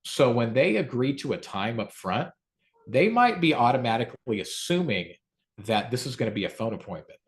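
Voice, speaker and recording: A man teaching phone sales, acting out calm rebuttals in a lowered voice. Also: moderate pace. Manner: lively, acts out calm low rebuttals. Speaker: sales trainer. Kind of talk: sales training talk.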